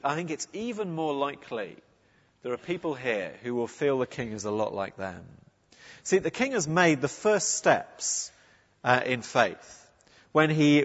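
A man's voice: mid-range voice, husky. A man preaching a sermon in a church, conversational and earnest, often restarting his sentences. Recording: muffled, with a long church reverb.

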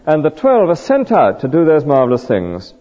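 A man's voice: fairly high pitch, huge pitch swings, normal speed, mellow, big-room sound, muffled recording. A man preaching a sermon, earnest and full of rhetorical questions and vivid stories.

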